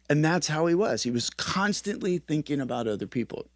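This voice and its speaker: A man giving a personal memorial tribute, telling stories in an earnest, halting way and acting out remembered dialogue. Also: fairly high pitch, expressive, no echo, clean studio sound. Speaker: eulogist at a memorial.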